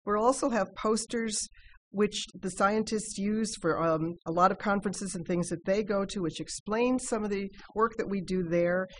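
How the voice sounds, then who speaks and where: Woman radio guest, earnest pitch, light background hiss. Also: moderate pace. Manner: earnest, promotional, with many uh fillers. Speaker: guest, development officer.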